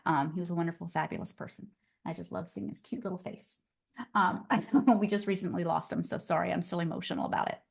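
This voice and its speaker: A woman's voice: fairly low pitch, steady tone, fast, vocal fry, slightly rough. A woman teaching a casual live online class on real estate, chatty and upbeat and often laughing, on a computer mic over a video call.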